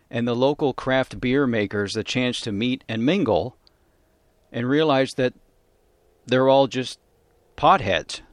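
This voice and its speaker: An older man hosting a comedy podcast, talking in a rambling, halting monologue full of fillers and restarts. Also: mid-range voice, no room sound. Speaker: podcast host.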